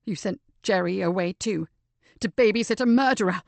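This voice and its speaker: A woman voicing a hurt grown son whose voice rises loud and cracks with outrage. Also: medium pitch, normal speed, creaky, no room sound, lightly acted. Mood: outraged.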